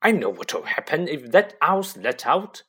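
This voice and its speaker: Storybook bully uncle, blustering and loud, raised and lively pitch, read by a man. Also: a little slow, slightly rough, exaggerated voice. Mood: snarling. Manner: roaring, snarling, thundering.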